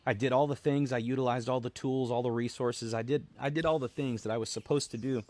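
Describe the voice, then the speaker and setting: A man, a military veteran, telling a personal story in an earnest, halting way, often repeating words as he restarts. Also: mid-range voice, fairly even intonation, darkish tone. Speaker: military veteran, founder of a veterans' support group.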